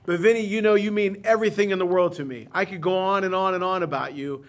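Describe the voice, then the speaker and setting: A man's voice: high voice, fast. A man hosting a podcast, telling rambling, emotional stories in casual chat and often laughing at them. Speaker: podcast host.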